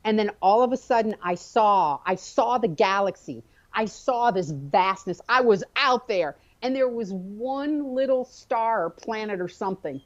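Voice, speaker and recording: A woman shares a personal story as a guest in a relaxed conversation, her delivery animated and expressive. Her voice sits in a middle pitch. The audio is dull and muffled, lo-fi. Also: measured pace, few pauses.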